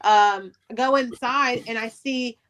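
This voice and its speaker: Profane, animated woman telling her story. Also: on the high side, a little slow. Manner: candid, profane, animated retelling. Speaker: podcast guest, author. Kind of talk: casual storytelling interview.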